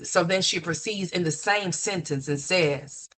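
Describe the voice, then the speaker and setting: A woman's voice: a little slow, fairly bright tone. A woman hosting a commentary livestream, scolding and mocking in a blunt, profane ranting style. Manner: mimics others in a higher voice. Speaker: commentary streamer.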